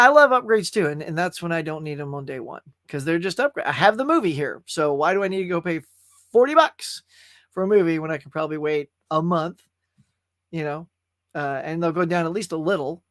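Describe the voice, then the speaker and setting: A man's voice: a little high, fairly bright tone, no echo, studio quality. A man hosting a casual live stream, chatting loosely, laughing and reading viewer comments aloud. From California. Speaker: host.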